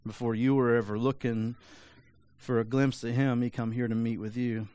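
Chatty pastor guy preaching, animated, lots of little asides, dry sound. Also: medium pitch, moderate pace, dry recording. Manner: conversational, animated, rhetorical asides. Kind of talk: sermon.

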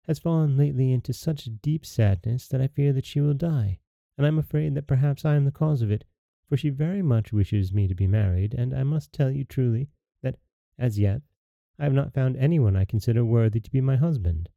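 A man's voice: mid-range voice, a little fast, vocal fry, warm tone, dry recording, voice pushed up, lightly acted. A man voicing a proud young princess who pleads in a raised, breathless voice. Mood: earnest.

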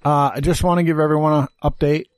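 A man's voice: fairly high pitch, level tone, fast, dry recording. A man co-hosting a casual podcast, blunt and rambling, swearing now and then. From Utah. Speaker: podcast co-host. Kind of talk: casual chat.

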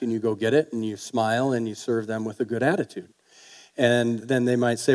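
A man's voice: mid-range voice, fairly even intonation, normal speed, darkish tone. A man preaching a sermon on marriage, talking in a folksy, conversational way and asking the congregation questions.

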